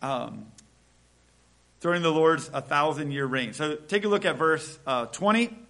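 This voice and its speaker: A man preaching a casual sermon, reading scripture slowly and acting out small everyday dialogues in a conversational way. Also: a little high, expressive, gravelly, fairly bright tone. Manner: conversational, acts out little dialogues, slows for scripture.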